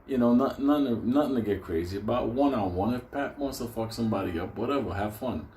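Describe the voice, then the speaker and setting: A man's voice: mid-range voice, a little fast, darkish tone, slight background noise. A man telling a story casually, rambling, laughing and swearing a lot. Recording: roomy echo.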